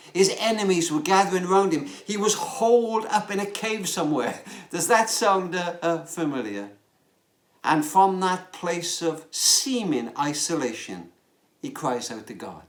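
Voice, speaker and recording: An older man, a pastor giving a storytelling sermon that slows and softens on key words. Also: high-pitched. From Wales. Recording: echoey room.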